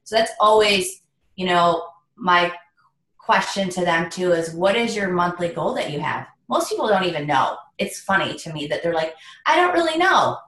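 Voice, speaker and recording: A woman's voice: fairly low pitch, moderate pace, fairly bright tone, echoey room, rough recording. A woman leading a sales training on a video call, upbeat and motivational, often speaking to her listeners as "you guys.". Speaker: direct sales team leader.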